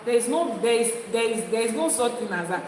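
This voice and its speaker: A woman's voice: a little high, expressive, fast talker, a little mellow, slight background noise. A woman with a Nigerian accent, an Ifá priestess teaching an audience, speaking emphatically and repeating her points to drive them home. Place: indoor room with people present. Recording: echoey hall with faint ambience.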